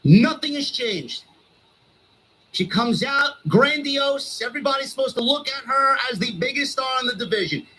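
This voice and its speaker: Heated, high-voiced male streamer ranting. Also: expressive, moderate pace, pushed and bright, slightly rough, rough recording. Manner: heated, sarcastic and profane. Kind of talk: wrestling rant.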